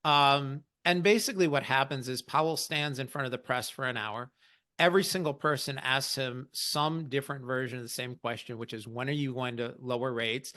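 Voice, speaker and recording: A man's voice: mid-range voice, moderate pace, pushed and bright. A man hosting an investing podcast, explaining market news in a casual, wry way. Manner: explanatory, wry, quotes others in mock voices.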